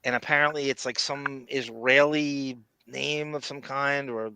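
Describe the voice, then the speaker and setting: A man's voice: mid-range voice, steady tone, measured pace, pushed and bright, clear, resonant tone, dry recording. A man hosting a live podcast, chatting and speculating as he reacts to a clip and to viewer comments. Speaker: podcast host. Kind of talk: casual live podcast chat.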